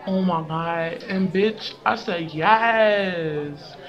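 A woman's voice: lowish voice, very slow, highs cut off, crowd noise, voice pushed down. A young woman voicing a boastful teenage schoolgirl who talks in slang and swears freely. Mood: bragging. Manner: slangy, profane, bragging. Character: boastful teen schoolgirl with a crush.

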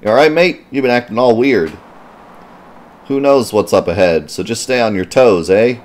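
A man reading game dialogue aloud, putting on the voice of a brash, bossy young adventurer in a loud, shouty way. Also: medium pitch, normal speed, natural voice. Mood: excited.

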